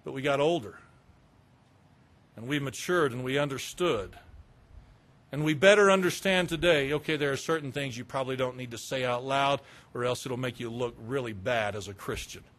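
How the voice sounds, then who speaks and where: A man's voice: medium pitch, normal speed, fairly bright tone. A middle-aged man from the American South preaching a sermon in a candid, conversational way, with confessional asides. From Southern United States. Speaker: pastor.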